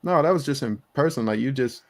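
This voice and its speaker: A man's voice: mid-range voice, expressive, fairly quick. A man co-hosting a music reaction stream, joking and dismissive in casual chat. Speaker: co-host reviewing listener tracks.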